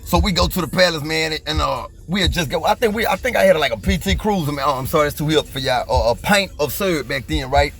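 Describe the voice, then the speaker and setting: Fast-talking man telling street stories. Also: on the high side, a bit bright, soft background music. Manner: laid-back, profane street slang, frequent "you know what I'm saying". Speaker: storyteller. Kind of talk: casual storytime monologue.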